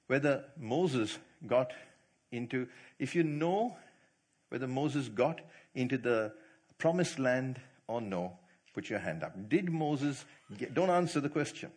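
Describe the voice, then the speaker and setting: A man preaching to church leaders, quizzing the audience and telling stories with animated delivery. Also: mid-range voice, slightly rough. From not from India. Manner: animated, asks the audience questions, laughs easily. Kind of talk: sermon.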